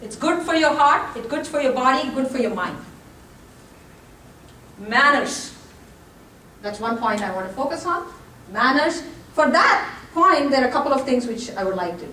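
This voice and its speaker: A woman with a high voice gives a presentation. She addresses the audience directly and throws in jokes. She is picked up from a distance in an echoing room, with faint noise behind her. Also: expressive, moderate pace, long pauses, bright, forceful tone. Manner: direct, joking asides to the audience. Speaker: college lecturer giving a workshop talk. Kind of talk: lively presentation talk.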